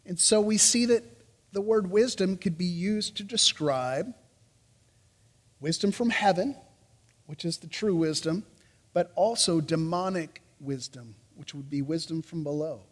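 A man preaching a sermon as pastor, reading scripture with animated emphasis and dropping casual asides. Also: sits high, unhurried, in a large hall.

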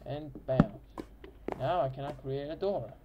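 A man talks through his gameplay in a loose, rambling way, stopping to correct himself mid-sentence. His voice sits in an ordinary middle pitch. The recording is noisy, with clicks audible behind him. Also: a little slow, dull audio. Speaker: gameplay host. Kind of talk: casual game commentary.

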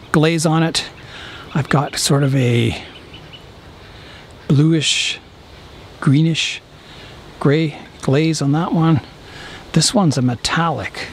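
A man casually explaining his bonsai work as he goes, relaxed and thinking aloud with a few fillers. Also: fairly high pitch, slight background noise. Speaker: bonsai hobbyist vlogger. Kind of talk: casual how-to narration.

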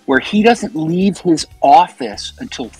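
A guest musician, this man chats casually during an interview, telling animated stories in a loose, profane way. His voice is on the high side and a little slow, and the audio quality is poor.

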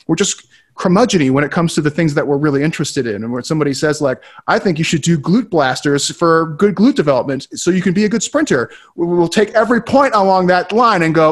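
A man co-hosting a casual webinar, talking quickly and animatedly and swearing freely. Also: fairly high pitch, expressive. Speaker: co-host.

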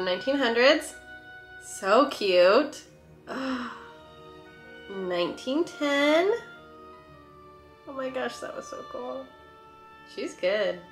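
A woman hosting a casual reaction video, gushing and gasping with delight at each clip. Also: mid-range voice. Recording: echoey room with faint music.

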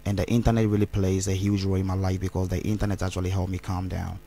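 A man's voice: low voice, flat delivery, fast, creaky, warm tone, a little hiss or hum. A man, rambling as an interview guest and mixing Twi phrases into his English. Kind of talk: candid interview talk.

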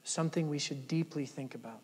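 High-voiced man preaching with sweeping dynamics. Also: a little fast, husky, long reverb tail. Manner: dynamic preaching, swinging from loud emphatic peaks to soft low passages. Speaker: pastor. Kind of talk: sermon. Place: church sanctuary.

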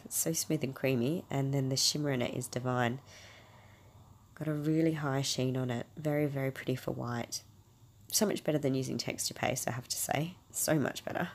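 A low-pitched woman talks through a crafting tutorial. Her voice is raspy and gravelly from a cold. She chats warmly and gushes over each colour she uses. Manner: chatty, gushing over colours. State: hoarse from a cold. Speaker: craft video host.

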